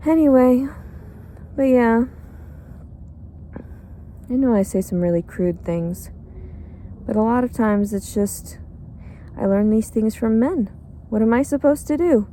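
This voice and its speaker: A woman's voice: mid-range voice, unhurried, long pauses, warm tone. A tired, cranky woman rambling in a bitter, crude, profane monologue outdoors. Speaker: pregnant homeless woman.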